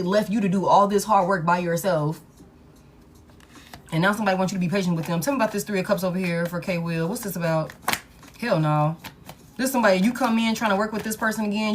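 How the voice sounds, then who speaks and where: A woman's voice: mid-range voice, a little hiss or hum. Blunt, salty-mouthed woman tarot reader. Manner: blunt, profane and emphatic; talks to the cards and repeats her points. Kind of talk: collective love tarot reading.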